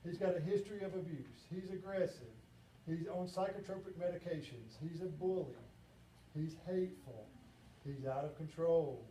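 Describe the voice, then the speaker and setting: This man's slightly high voice moves at a moderate pace as he tells funny stories in a conversational banquet talk, lending animated voices to quoted characters. Slight background noise mixes with echo and faint ambience in the hall.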